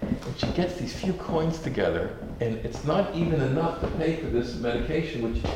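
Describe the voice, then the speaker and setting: A man giving a sermon as a rabbi, telling a story with lively, repeated words and restarts. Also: mid-range voice, normal speed. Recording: echoey room from far off, noisy.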